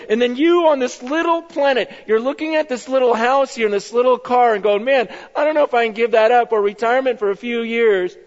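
A man's voice: very high voice, big-room sound, highs cut off. A man preaching a sermon with intensity, repeating himself and acting out quoted voices. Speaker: pastor.

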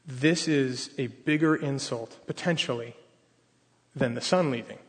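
A man preaching a sermon, retelling a story and acting out each character's pleading and complaints in lively voices. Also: medium pitch, measured pace, slightly rough. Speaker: pastor. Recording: reverberant hall.

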